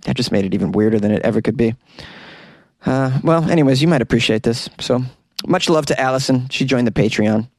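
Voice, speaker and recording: Here a male podcast host speaks briskly at a medium pitch in a dry recording made in a small closet. During this casual outro chat he rambles loosely, frequently stumbles and laughs at himself, and breaks into sung impressions.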